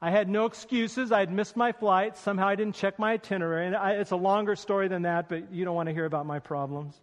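A man's voice: high-pitched, quick pace, long reverb tail. A man preaching a sermon as pastor, telling a story about himself with self-deprecating humor before reading scripture.

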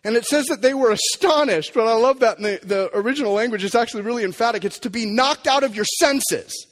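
A man preaching a sermon as pastor, emphatic and animated, sometimes dropping to a quiet, low delivery. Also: quick pace. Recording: long hall reverb.

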